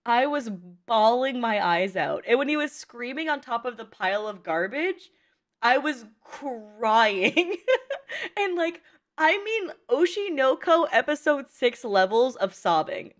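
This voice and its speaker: A young woman chatting casually as she reacts to an anime movie, emotional and slangy, quick to laugh and tear up. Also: fairly high pitch.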